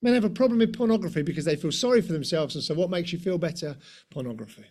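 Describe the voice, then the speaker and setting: A man with a high, light voice preaches a conversational sermon. He leans on rhetorical questions and tag questions and slips in self-deprecating asides. He sounds middle-aged. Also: lively intonation, fast talker, a little mellow.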